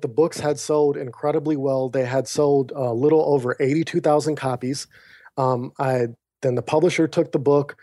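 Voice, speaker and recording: A man guesting on a podcast, earnestly recounting a personal story and acting out the dialogue over a remote call. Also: a little high. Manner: earnest, animated retelling with quoted dialogue. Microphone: remote call mic.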